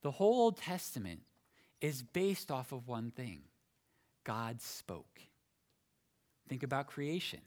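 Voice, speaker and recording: A man preaching a sermon, explaining a passage phrase by phrase with emphatic pauses and small restarts. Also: medium pitch, big pitch swings, a little mellow.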